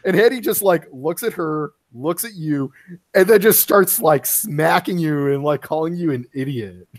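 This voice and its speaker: A man narrating a tabletop game as game master, halting with many fillers. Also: a little high.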